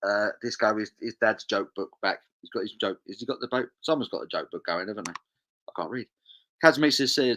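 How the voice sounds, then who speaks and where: A man's voice: on the low side, animated, a little fast, fairly bright tone. Upbeat man hosting a stream. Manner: chatty, upbeat, reads viewer comments and laughs along. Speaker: live stream host. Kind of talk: casual chat reading a live chat aloud.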